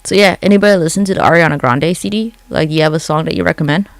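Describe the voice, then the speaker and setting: Rapid-fire and medium-pitched, with no room sound, a livestreamer talks casually into a phone from home late at night. They ramble, swear freely and reply to comments from chat.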